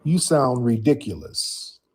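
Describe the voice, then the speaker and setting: A man's voice: mid-range voice, big pitch swings, takes it slowly, a little mellow. A man hosting a call-in livestream, talking bluntly and mocking his callers. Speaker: livestream host. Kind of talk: livestream commentary.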